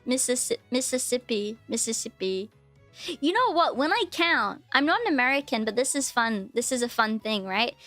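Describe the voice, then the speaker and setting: A woman's voice: sits high, animated, fairly quick, few pauses, bright, forceful tone, soft background music. A woman VTuber streaming, chatting casually, rambling and reacting to her chat with frequent giggles.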